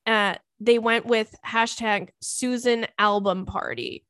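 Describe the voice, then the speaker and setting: A young woman hosts a casual podcast, reading listener notes and reacting with profane, animated asides. Her voice sits fairly high. The sound is dry and close to the mic. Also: slow pace, clean tone, no room sound. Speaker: podcast host. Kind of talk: casual comedic chat reading listener messages.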